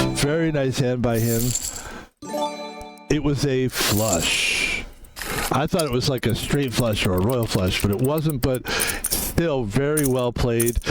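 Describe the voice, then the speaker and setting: A man streaming a poker game, chatting in a rambling way, swearing freely and calling out his own name as he plays. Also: mid-range voice. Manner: chatty, rambling, swears freely, talks about himself in third person. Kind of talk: casual gameplay commentary. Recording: music playing behind the voice.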